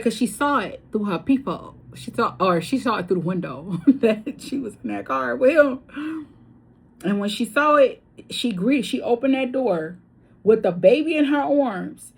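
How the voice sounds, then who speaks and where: A woman giving a casual tarot reading, chatty and blunt, with swearing and story asides, her voice swinging between loud and hushed. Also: a little high, slightly rough. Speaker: tarot reader.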